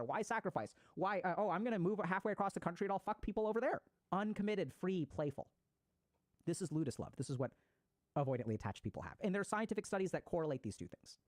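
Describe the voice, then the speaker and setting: There's no room sound around this man's high voice. He's a mental health speaker in a recorded talk on attachment styles, laying out psychological ideas and dramatizing everyday situations.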